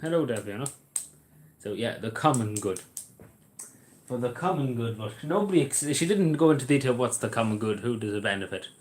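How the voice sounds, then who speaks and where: A man's voice: mid-range voice, expressive, a little fast, a little mellow. An Irish man hosting a live stream, chatting casually in a blunt, rambling way and swearing freely, recorded on a camera mic indoors. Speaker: livestream host. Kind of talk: casual chat to a live audience.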